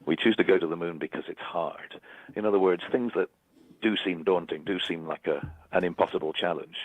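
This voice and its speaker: Deep-voiced man on a tinny line. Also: slightly rough, no room sound. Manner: halting, repeats words while searching for phrasing. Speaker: interviewed musician. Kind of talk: reflective interview answer. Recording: dry, tinny phone-like archival clip.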